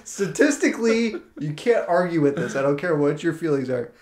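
A man's voice: fairly high pitch, fairly quick, reverberant, a little hiss or hum. A man co-hosting a podcast, playful and teasing, reeling off stats and jokes in casual chat. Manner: playful, teasing, speeds up when excited. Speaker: podcast co-host.

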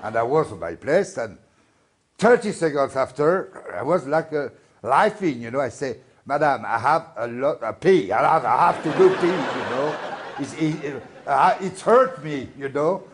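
Animated French-accented man, halting English. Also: fairly high pitch, slight background noise. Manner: broken English, animated storytelling. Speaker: guest. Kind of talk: talk show interview. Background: studio audience laughing.

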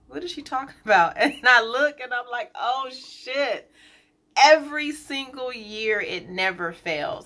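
Woman in her 30s vlogging, bright voice, a bit low, candid and chatty with lots of ums. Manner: chatty, candid, gets emotional, many fillers. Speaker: colon hydrotherapist and business owner. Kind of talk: casual vlog to viewers.

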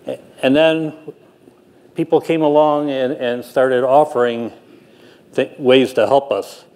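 An older man, a production manager, telling a self-deprecating story with frequent halting restarts. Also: medium pitch, fairly even intonation, a little mellow. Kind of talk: anecdotal storytelling talk.

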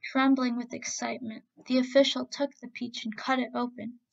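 A woman narrating a folk tale in a steady, expressive reading voice. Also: a little high, normal speed, creaky, highs cut off. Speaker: storyteller. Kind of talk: storybook narration.

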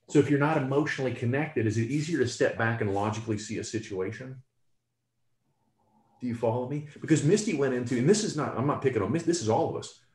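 A man's voice: medium pitch, a little mellow, roomy sound. A man coaching a team on mindset, asking the group rhetorical questions. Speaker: business mentor.

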